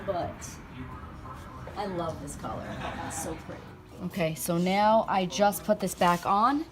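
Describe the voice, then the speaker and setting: A woman's voice: on the low side, a little slow. A woman casually chatting to the camera as she fixes up and paints a front door, upbeat and talkative. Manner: chatty and upbeat, talks to camera while working. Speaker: home renovation vlogger. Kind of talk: casual DIY vlog.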